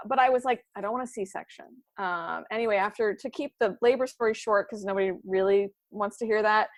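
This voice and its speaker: A woman's voice: mid-range voice, dry recording. A woman, a podcast guest, telling a funny personal story in casual chat and acting out her own thoughts as quoted asides.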